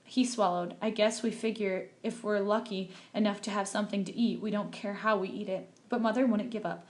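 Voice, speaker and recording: A woman's voice: medium pitch, fairly even intonation, a little fast, few pauses. Woman reader, casual read-aloud of a chapter, everyday delivery with occasional stumbles and self-corrections. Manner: plain unpolished reading with small slips and restarts. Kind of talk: reading a novel aloud.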